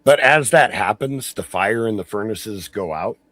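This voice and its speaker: A man's voice: lowish voice, animated, moderate pace, a bit bright, no room sound. A man narrating a tabletop game as game master in a descriptive style, with frequent fillers.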